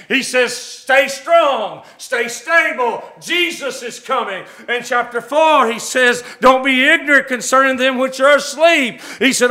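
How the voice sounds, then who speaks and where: A middle-aged man preaches in a church with fervent, swelling emphasis and homey asides. His voice sits very high and rings bright and forceful. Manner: fervent, rising to shouts, folksy asides. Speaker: visiting preacher. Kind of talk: sermon. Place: church sanctuary.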